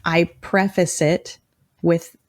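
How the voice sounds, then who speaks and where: Female co-host, low register, supportive and chatty, dry close mic. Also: little pitch movement, slow pace, dry recording. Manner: warm affirming listener, frequent mm-hmms. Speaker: relationship podcast co-host. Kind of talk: casual advice chat.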